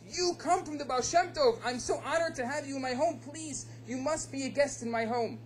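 A humble, contented poor man with a gentle, unhurried way of speaking, as a man puts him on. He sounds calm and settled. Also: on the high side, a little hiss or hum, pitched below the performer's own voice, lightly acted. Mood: welcoming.

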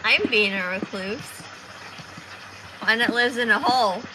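A woman's voice: on the high side, a little slow, background noise. A woman chatting while gaming, throwing dry, teasing jabs. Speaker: gamer. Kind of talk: casual gaming chat.

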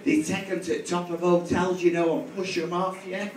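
A drag queen comedian from Manchester, England, speaks with a Mancunian accent in a high, flat male voice at normal speed. He does live stand-up in a large bar, bantering with the audience in a crude, teasing way. The recording is echoey and distant, with crowd noise.

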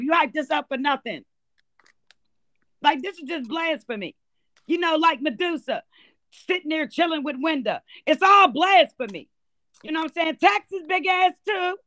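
A sassy woman trash-talks others in a live app room, mocking and crude. Her voice is high and bright with an edge to it, and it sounds dry and close. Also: no room sound. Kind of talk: casual live-stream trash talk.

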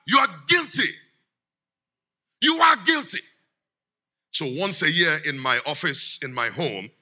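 Animated man preaching, bright voice. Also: a little high, slightly rough. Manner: animated, laughs often, quizzes the congregation. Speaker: guest speaker. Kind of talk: lively sermon.

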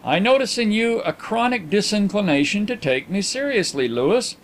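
Composed gentleman detective, measured and dry; male narrator doing the voice. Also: high-pitched, lively intonation, a little hiss or hum, pitched above the performer's own voice.

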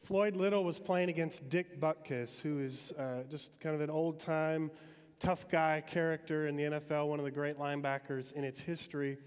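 A man from Metro Detroit giving a relaxed, conversational sermon as a chapel speaker at a university, with frequent ums. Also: fairly high pitch, moderate pace, clean tone. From Metro Detroit, Michigan, US. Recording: long hall reverb.

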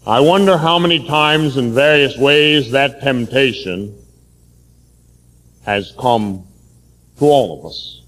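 A man, a Catholic priest, preaching a sermon forcefully, telling stories from his own life. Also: medium pitch, slow pace, long pauses, in a large hall.

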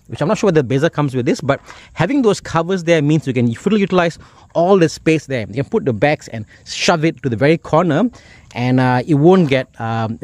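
A man's voice: medium pitch, darkish tone, no echo. A middle-aged man with a Malaysian English accent, chatting enthusiastically through a car walkaround with lots of exclamations. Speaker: car reviewer.

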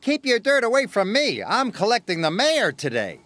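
A man's voice: high voice, huge pitch swings, moderate pace, fairly bright tone, no echo, pitched above the performer's own voice, full character voice. A man voicing a big, haughty, grumpy male steam engine who speaks in a huffy, scornful way.

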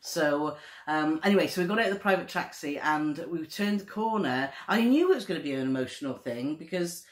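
A woman's voice: deep voice, animated, a little fast. A woman co-hosting a travel vlog in casual chat. She talks in a chatty, gushing way and keeps turning to her partner with tag questions. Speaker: travel vlogger co-host. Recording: roomy echo.

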